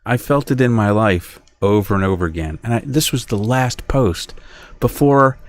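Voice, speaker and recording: A man's voice: mid-range voice, lively intonation, normal speed. A middle-aged man rambling through a solo podcast monologue, often stopping and restarting, sounding aggrieved. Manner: rambling, self-interrupting, aggrieved. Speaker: podcast host.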